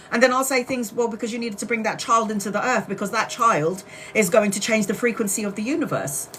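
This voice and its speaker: A tarot reader does a casual live-stream reading, blunt and chatty, with the occasional swear word. Her voice is fairly high, bright, and forceful, delivered a little fast, with a slight hiss or hum in the audio.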